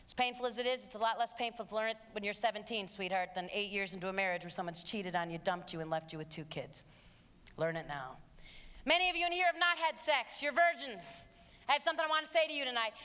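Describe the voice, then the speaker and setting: High bright-voiced woman preaching in a hall. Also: fast, clean tone. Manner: emphatic, preachy storytelling. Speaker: speaker addressing teens. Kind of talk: live motivational talk. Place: large hall with audience. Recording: long hall reverb, faint crowd.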